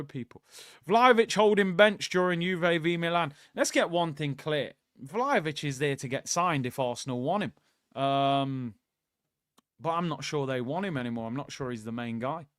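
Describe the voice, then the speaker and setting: A man's voice: fairly high pitch, no echo, clean studio sound. Casual man hosting a football watchalong. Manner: casual, opinionated, conversational, addresses viewers directly. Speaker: host of a live football watchalong. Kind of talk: live watchalong commentary, reading out chat.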